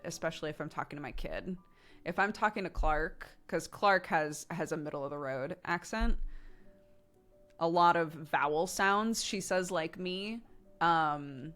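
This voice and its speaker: A woman's voice: sits low, fairly bright tone. An American woman in her thirties chatting casually with her stream chat, with lots of laughter and fillers like "um" and "like.". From United States.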